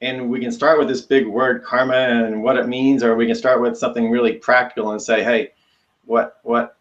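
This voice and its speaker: Man, co-host, casual chat, joking, mid pitch, dull lo-fi sound. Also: flat delivery, moderate pace. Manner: easygoing, joking, laughs between thoughts. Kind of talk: casual talk show chat.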